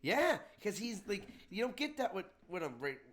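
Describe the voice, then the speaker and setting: A young man hosting a casual podcast, excitable and laughing a lot as he retells funny movie scenes. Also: high voice, normal speed. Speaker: podcast host. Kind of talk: casual chat.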